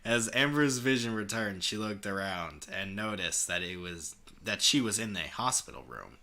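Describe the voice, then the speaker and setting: A man's voice: fairly low pitch, animated, moderate pace, bright, forceful tone. Sarcastic young man reading fan fiction. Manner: sarcastic, laughs often, swears, breaks off to comment. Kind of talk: mocking dramatic reading with banter.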